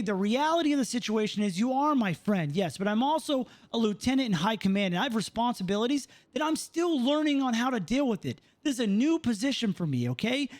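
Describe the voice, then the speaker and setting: A man playing a proud, short-tempered male police lieutenant in a roleplay game, lecturing with swearing and repeated "okay?". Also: very high voice. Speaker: roleplay character. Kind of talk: in-character roleplay argument.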